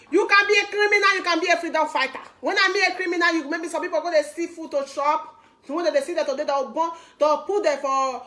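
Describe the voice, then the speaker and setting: High bright young Nigerian woman rallying. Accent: Nigerian Pidgin English. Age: young adult. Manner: rousing, repeats lines for emphasis. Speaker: activist speaker. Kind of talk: impassioned activist speech.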